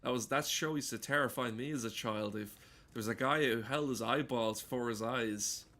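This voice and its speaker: Dude rambling and cursing through a horror game, bright sharp voice, goes off on random jokey tangents. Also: male voice, mid-range voice, normal speed. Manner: rambling, profane, tangent-prone jokes. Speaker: gaming streamer. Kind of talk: casual game commentary.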